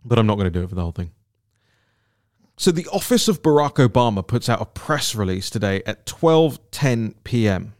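A man with a fairly low voice hosts a political commentary podcast on his own, in an indignant and emphatic tone. He often repeats words for stress as he builds his case. The sound is dry and close, with no room echo. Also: sing-song, fairly quick, a little mellow.

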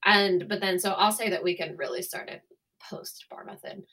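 Bright-voiced chatty woman podcaster. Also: medium pitch, moderate pace. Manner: chatty, rambling storyteller. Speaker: podcast co-host. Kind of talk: casual chat.

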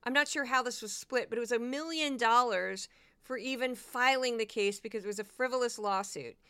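Bright, crisp-voiced woman podcaster. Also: on the high side. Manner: chatty, quick asides, repeated words. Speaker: podcast host. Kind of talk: casual commentary podcast.

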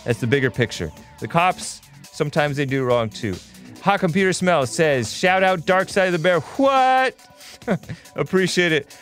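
A man hosting a talk show, reading out viewer chat messages in a sarcastic, animated way and laughing often. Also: on the high side, moderate pace, faint music behind. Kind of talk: reading live chat and taking calls.

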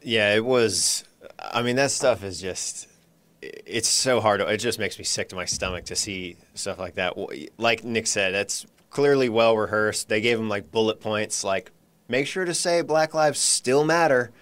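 Low-voiced man rambling hesitantly. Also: moderate pace, a bit bright. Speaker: social media staffer and panelist. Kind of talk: casual studio chat.

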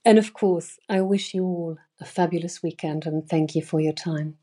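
A woman's voice: lowish voice, steady tone, moderate pace, mellow, slightly rough. A woman hosting and reading her own newsletter aloud, earnest and emphatic, with sudden stressed words, in her bedroom. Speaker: newsletter host.

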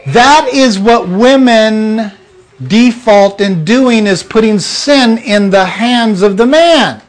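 A man's voice: sits high, slow. A man preaching an informal sermon to a small group, blunt and emphatic, acting out little scenes.

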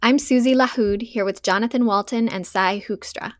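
A woman podcast host reading a scripted outro with brisk announcements. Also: a little high, no echo, studio quality.

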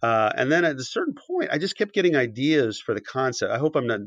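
A podcast guest who writes books and animation tells a long story, his medium-pitched, fairly bright voice swinging widely in pitch as he talks a little fast. He stumbles through fillers and restarts, acts out dialogue, and chokes up for a moment. There's no room sound; the recording is dull and dry.

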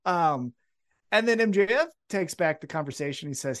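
A man co-hosting a wrestling podcast, recapping events in an excitable, profane, casual chat. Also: on the high side, moderate pace. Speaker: podcast co-host.

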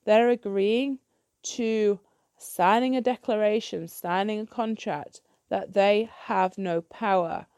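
A woman's voice: mid-range voice, fairly even intonation, slow pace, a little mellow, no echo, studio quality. A woman ranting bluntly in a solo podcast monologue, swearing freely and restarting her sentences when heated. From United Kingdom. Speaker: podcast host.

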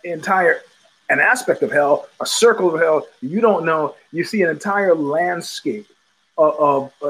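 A man hosting his own show, talking in a loose, halting monologue, often repeating words and chuckling as he goes. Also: high-pitched, a bit bright, slightly rough, rough recording. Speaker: podcast host. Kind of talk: rambling casual monologue.

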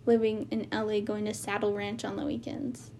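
A woman's voice: medium pitch, little pitch movement, normal speed, warm tone, a little hiss or hum. Young woman with a valley-girl lilt. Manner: valley-girl speech with lots of "like". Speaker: podcast guest. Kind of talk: casual chat.

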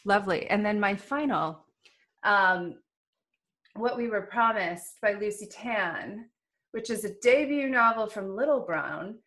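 A chatty woman host talks casually through a stack of books and laughs easily. Her voice sits at a middle pitch. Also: animated, measured pace, a bit bright. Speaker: podcast host. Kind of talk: casual podcast chat.

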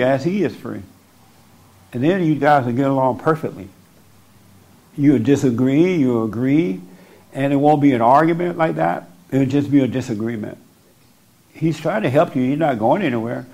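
A man's voice: mid-range voice, normal speed, vocal fry, dark tone, dull audio. Blunt, insistent man counseling someone. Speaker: spiritual counselor. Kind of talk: preaching counsel to a person in front of him. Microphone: speaking into a microphone.

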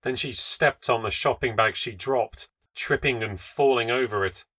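A man narrating a first-person ghost story from a script, in a wry, measured and reflective way. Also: medium pitch, bright, forceful tone, husky, dry recording. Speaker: podcast narrator.

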